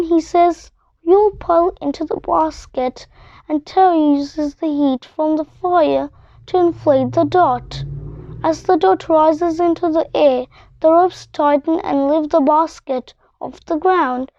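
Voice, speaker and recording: A woman reading a children's book aloud, unhurried, giving the characters' lines in much the same voice as the narration. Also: high-pitched, fairly even intonation, dark tone, dry recording. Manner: unhurried storybook reading with character quotes in a similar voice. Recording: dull, muffled dry recording.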